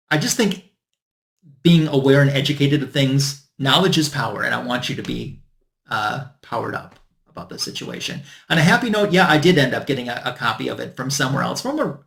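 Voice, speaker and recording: Gravelly-voiced man recounting a frustrating ordeal. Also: medium pitch. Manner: exasperated, retelling a complaint with quoted dialogue. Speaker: comic book channel host. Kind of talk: casual storytelling to camera.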